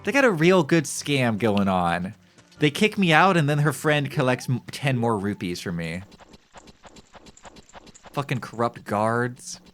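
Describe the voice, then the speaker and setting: A man's voice: medium pitch, a little slow, soft background music. A man streaming gameplay live, chatting casually with his viewers in a joking, self-mocking way. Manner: animated, joking, talks to chat.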